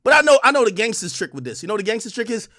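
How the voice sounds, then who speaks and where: A man on a livestream, ranting loudly and profanely at a rival, swinging between shouting and calmer talk. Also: high-pitched, rapid-fire, no echo, studio quality. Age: adult under 45. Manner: loud, profane, combative, swings from shouting to calm. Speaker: streamer commentator. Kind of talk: heated livestream rant.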